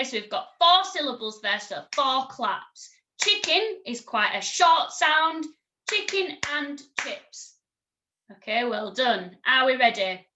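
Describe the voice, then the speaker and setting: A woman teaching a recorded music lesson to children, encouraging and clear, singing and chanting examples. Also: sits high, pushed and bright, slight background noise.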